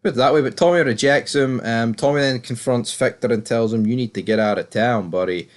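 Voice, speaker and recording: A young British man giving a casual, opinionated recap of a TV episode, swearing freely and jumping up in pitch when he exclaims. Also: fairly quick. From Britain. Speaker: TV show reviewer. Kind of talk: casual spoken recap and commentary.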